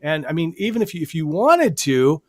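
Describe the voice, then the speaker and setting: A man's voice: fairly high pitch, very animated, moderate pace, no room sound, clean studio sound. A man hosting a live hypnosis show, chatting casually and rambling with frequent restarts. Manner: rambling, many restarts and fillers. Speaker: hypnotist host.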